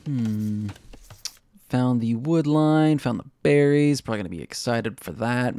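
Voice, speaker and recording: Mellow and medium-pitched with a clean tone, a young man casts a strategy game in a loose, chatty way. He pokes fun at himself and laughs at his own jokes.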